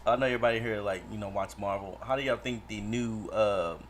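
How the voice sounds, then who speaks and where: Low-voiced man asking questions quickly. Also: slight background noise. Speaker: podcast co-host. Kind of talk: casual group chat.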